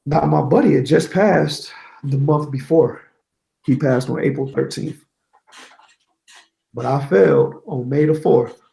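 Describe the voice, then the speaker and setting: Interview guest, male: gravelly, candid storyteller, echoey room. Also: on the high side, measured pace, long pauses. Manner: candid, animated storytelling with quoted dialogue. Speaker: guest, certified network engineer.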